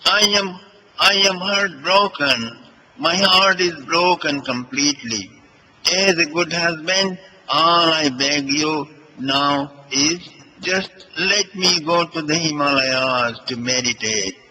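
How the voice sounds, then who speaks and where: Man playing a heartbroken queen, reproachful and tearful, slow delivery. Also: on the high side, sharp tone, in a large hall, slight background noise, exaggerated voice, low-quality recording. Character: heartbroken jealous young queen, tearful woman.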